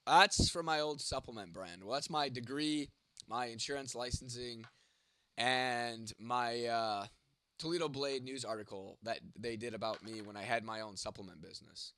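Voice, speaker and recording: A man's voice: medium pitch, moderate pace, pushed and bright, no echo. Congested, foul-mouthed young man. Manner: blunt, swears constantly, teasing. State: congested, voice going from a cold. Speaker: livestream host answering chat. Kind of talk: casual profane chat.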